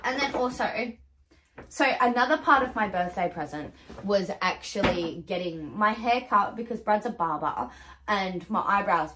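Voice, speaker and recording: A woman's voice: fairly low pitch, fairly bright tone. Gushing young woman vlogging. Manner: gushing, chatty, swears casually. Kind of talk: casual haul vlog chat.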